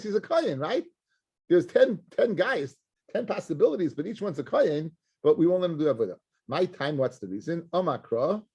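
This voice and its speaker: A middle-aged rabbi walks his students through a Talmud page, his voice pitched a little high and slightly husky. He talks animatedly, mixing English with Hebrew and Aramaic terms. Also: darkish tone. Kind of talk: Talmud class lecture.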